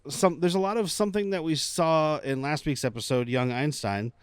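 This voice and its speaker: A man's voice: on the high side, moderate pace, clean tone, dry recording, studio quality. A man hosting a casual film podcast, rambling through asides and laughing often. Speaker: podcast host.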